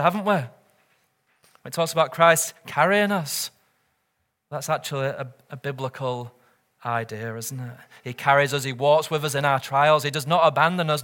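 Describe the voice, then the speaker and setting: A male pastor preaching to his congregation with a bright, somewhat high voice. He speaks earnestly and keeps turning statements into rhetorical questions. He swells louder on scripture and drops nearly to a murmur at the ends of phrases. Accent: British or Commonwealth English. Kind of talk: sermon.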